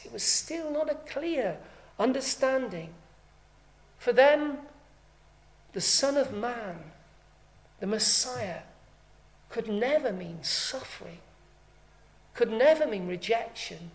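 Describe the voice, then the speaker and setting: Emphatic woman preaching a sermon. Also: a little high. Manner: emphatic, rising and falling in volume for stress.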